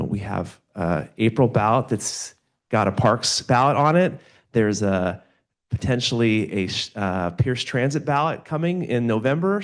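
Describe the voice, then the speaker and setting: A man giving an informal update at a neighborhood meeting, hedging often with fillers. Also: fairly low pitch. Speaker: council member.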